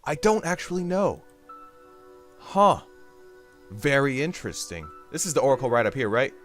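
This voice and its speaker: A man's voice: medium pitch, very animated, normal speed, fairly bright tone, soft background music. A man hosting his own game channel, rambling through silly jokey commentary while he plays. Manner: goofy, jokey, sudden bursts of silly voices. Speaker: gaming YouTuber host. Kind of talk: rambling comedic gameplay commentary.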